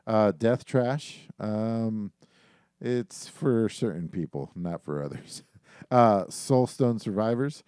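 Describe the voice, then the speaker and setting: A man's voice: fairly low pitch, slow pace, darkish tone, clean tone, no room sound, clean studio sound. A man co-hosting a casual gaming podcast, talking loosely with lots of fillers and swearing. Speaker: podcast co-host.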